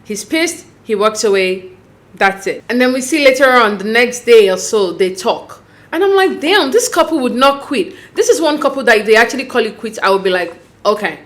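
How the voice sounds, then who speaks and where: Host, female, slightly high voice, animated and gossipy recap delivery. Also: a little fast. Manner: chatty, animated, quotes cast members in asides. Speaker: recap vlogger. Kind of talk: casual TV recap chat.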